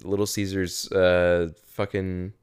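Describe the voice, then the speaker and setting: A man's voice: low-pitched, flat delivery, takes it slowly, smooth. A man co-hosting a casual podcast, retelling a story with swearing and acted-out quotes. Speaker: podcast co-host.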